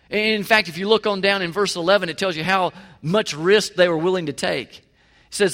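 A man's voice: high voice, steady tone, a little fast, fairly bright tone. A man preaching a sermon in a church, talking conversationally and with emphasis, often asking the listeners questions. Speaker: pastor. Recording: long reverb of a large hall.

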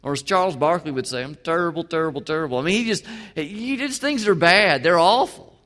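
A male pastor preaching a sermon, swinging from emphatic to quiet. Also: sits high, animated, normal speed. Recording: long hall reverb.

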